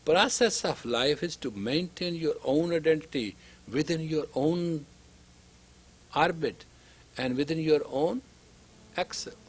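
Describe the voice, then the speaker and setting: Taking long pauses, a man with a somewhat high, breathy voice lectures students a little slowly as a spiritual teacher. He stresses and repeats his points, acts out dialogue, and occasionally whispers for emphasis.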